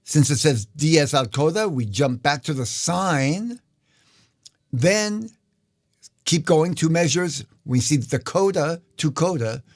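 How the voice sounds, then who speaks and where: A man teaching guitar in a live question-and-answer stream, explaining at an easy pace with frequent fillers. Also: a little high. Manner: relaxed, explanatory, many fillers. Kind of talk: live Q&A music lesson.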